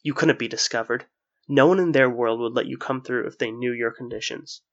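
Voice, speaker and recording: A man voicing a jovial, jester-like male watcher who turns commanding and sharp, in a slightly muffled lo-fi recording. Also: medium pitch, brisk, lightly acted. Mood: angry.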